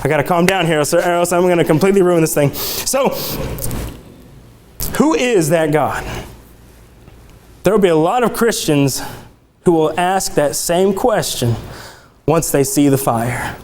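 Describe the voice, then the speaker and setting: A young man preaching in a church with a high, bright-sitting voice that climbs even higher when he gets fired up. He talks in a conversational way and keeps restarting his sentences. A faint room ambience hums behind him. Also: a little slow, pauses often, a little hiss or hum. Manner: excitable, climbs high in pitch when worked up. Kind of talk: sermon. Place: church sanctuary.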